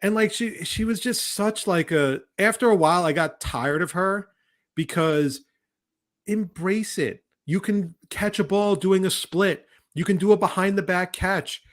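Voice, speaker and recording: A man with a somewhat high voice co-hosts a casual podcast chat. He rants in an exasperated, heated way, swearing freely as he vents. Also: a little slow. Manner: heated, exasperated ranting with profanity; often mimics other people's voices. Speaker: podcast co-host.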